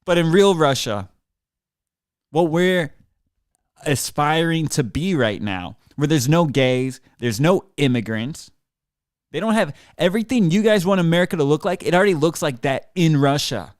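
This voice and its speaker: A man's voice: a little high, animated, normal speed, no echo. A man ranting at the listeners in a solo podcast, sarcastic and profane, talking into a desk mic in a small studio. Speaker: podcast host. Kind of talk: ranting monologue. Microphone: desk mic in front of a computer.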